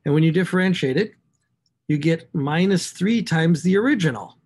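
Slightly high and breathy, at normal speed, this man's voice comes from a recorded math lecture. As he writes equations he talks them through to himself, punching key words with animated emphasis.

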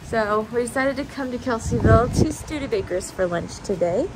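Chatty mom vlogging outdoors in the wind. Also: female voice, a little high, lively intonation, fairly quick. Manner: chatty, rambling with fillers, sing-song with toddlers. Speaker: mother vlogging a family day. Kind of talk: casual vlog chat to camera. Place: outdoors on a cold windy street. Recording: outdoor wind and street noise.

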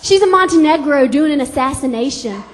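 Lady doing her mom on the phone, loud and drawly, real high and bragging. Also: lively intonation, a little fast, a little hiss or hum. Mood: proud. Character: chatty proud Southern mom on the phone.

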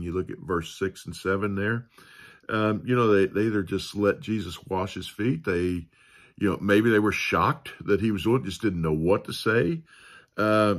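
A man giving a casual Sunday school Bible lesson, rambling with many fillers and restarts. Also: on the low side.

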